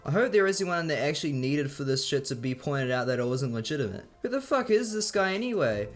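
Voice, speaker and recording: A man's voice: on the high side, sing-song, a little fast, faint music behind. A young man narrating scripted commentary in a sarcastic, profane way. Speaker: video commentator.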